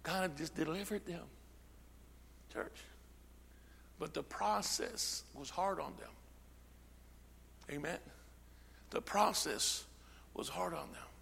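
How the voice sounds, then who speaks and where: A man preaching a sermon as pastor, calling out amen and drawing the congregation in, swinging from shouting to a near whisper. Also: a little high, slow pace, creaky, long pauses, big-room sound, slight background noise. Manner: peppers speech with amen and call-and-response. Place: church sanctuary.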